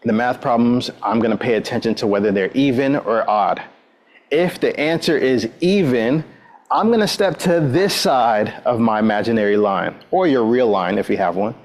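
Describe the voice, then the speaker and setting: A man leads a workout class at an ordinary middle pitch. He coaches with an upbeat, encouraging manner, counting down moves and cueing each step. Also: moderate pace. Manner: frequent "all right" between instructions. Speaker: exercise instructor.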